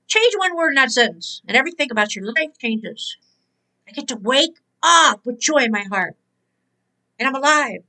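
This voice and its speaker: A woman's voice: high-pitched, pushed and bright, poor audio. A woman hosting a spiritual motivational talk, emphatic and exhorting, repeating her key words. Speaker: host and motivational speaker.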